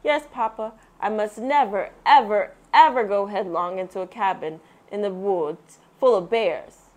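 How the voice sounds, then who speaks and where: A woman voicing a curious little girl in a storybook read-aloud, light and a bit breathy. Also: medium pitch, unhurried, a little mellow, close to an everyday voice. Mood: earnest.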